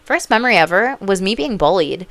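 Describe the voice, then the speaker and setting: A woman's voice: mid-range voice, animated, brisk, fairly bright tone, no room sound. A woman who works as a psychic and coach, talking straight to her viewers in a casual, rambling way. She is blunt, swears freely and keeps calling them "y'all.". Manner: rambling, goes off on tangents.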